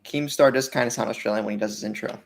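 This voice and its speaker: A man co-hosting a casual gaming podcast, playful and jokey, with a gravelly voice. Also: lowish voice, very fast, background noise. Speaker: podcast co-host. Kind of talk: casual chat.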